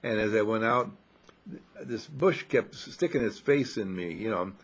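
An older man giving a gentle, rambling, folksy talk, chuckling as he reflects. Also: fairly low pitch, animated, moderate pace, slightly rough. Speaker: inspirational speaker.

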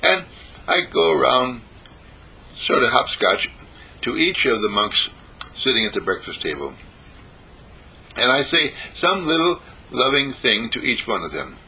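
A man giving a spiritual meditation talk, gentle and repetitive, with sing-song emphasis. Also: medium pitch, very animated, unhurried, creaky, long pauses, slightly rough, rough recording. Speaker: spiritual teacher. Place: monastery breakfast table.

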